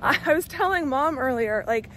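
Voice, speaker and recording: A woman's voice: sits high, expressive, moderate pace, fairly bright tone, slight background noise. An American woman hosting a travel vlog, chatting in an upbeat way and jumping in with asides, outdoors on a river boat. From United States. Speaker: vlog host. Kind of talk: casual chat.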